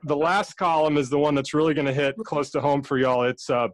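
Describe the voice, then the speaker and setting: Chatty game show host. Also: male voice, fairly high pitch, a little fast. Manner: relaxed, chatty, with frequent fillers. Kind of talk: hosting a live video-call game show. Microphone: video call.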